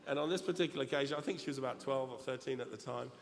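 A man's voice: medium pitch, racing, gravelly, slight background noise. Chatty middle-aged male preacher, echoey hall. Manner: chatty, joking, addresses the congregation. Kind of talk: humorous storytelling sermon. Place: large church hall. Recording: reverberant hall, faint room ambience.

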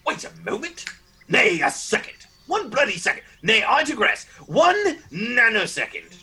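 A man's voice: sits high, sing-song, moderate pace, pushed and bright, slightly rough, low-quality recording. A man playing a pompous, flustered old-fashioned journalist in an improvised comedy sketch.

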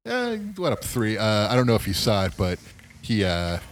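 A man's voice: fairly low pitch, huge pitch swings, normal speed. A tired man co-hosting a podcast, chatting casually about baseball and swearing freely. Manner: laid-back, swears casually. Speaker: podcast co-host. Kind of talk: casual sports chat.

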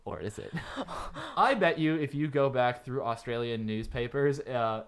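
Guy cohosting a comedy podcast, rambly and jokey, mid pitch, giggles a lot. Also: normal speed. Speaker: podcast co-host. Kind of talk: casual comedic chat.

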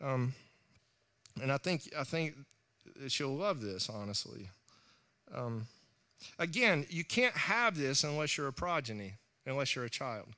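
A man's voice: medium pitch, big pitch swings, a little slow, long pauses, sharp tone. A man, preaching a sermon in a storytelling manner, acting out voices and laughing often. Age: 40s.

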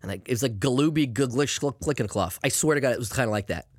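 A man's voice: medium pitch, fast, no echo, studio quality. A man co-hosting a casual podcast, rambling and swearing freely as he tells stories. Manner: animated, rambling, swears often. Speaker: podcast co-host.

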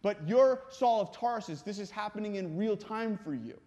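A man preaching a sermon as pastor, dramatic, swinging from hushed to intense. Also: sits high, lively intonation, normal speed. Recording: long reverb in a hall.

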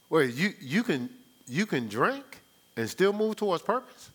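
This pastor's high-pitched, sharp voice swings widely in pitch at a moderate pace. Preaching live in church, he keeps it conversational and rhetorical, regularly asking the congregation "right?".

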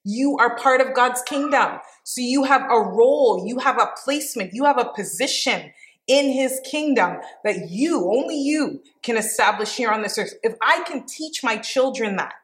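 A woman's voice: fairly high pitch, animated. Earnest woman giving devotional teaching. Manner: earnest and emphatic, repeats key phrases; pauses and restarts with fillers. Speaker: Christian teacher and mother.

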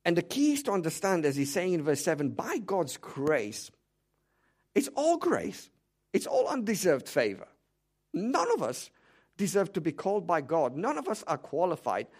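A man's voice: high voice, wildly swooping pitch, moderate pace, darkish tone, breathy edge. A man preaching a sermon, emphatic and direct, firing rhetorical questions at the congregation. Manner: direct, speaks to the congregation as "you".

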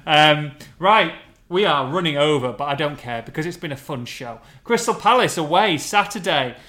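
A man's voice: on the high side, lively intonation, moderate pace, sharp tone. A man hosting a casual podcast, bantering and calling people mate. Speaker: podcast host and fan interviewer. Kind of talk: casual chat.

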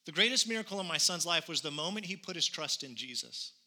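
Bright-voiced man preaching a sermon. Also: fairly high pitch, expressive, fast. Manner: earnest storytelling, swells with conviction. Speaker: pastor. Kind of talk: sermon with personal story.

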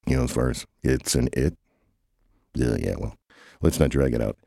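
Very deep-voiced man in silly banter. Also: fairly even intonation, brisk, mellow, no echo, clean studio sound. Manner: rambling, hesitant, silly. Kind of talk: improvised comic banter.

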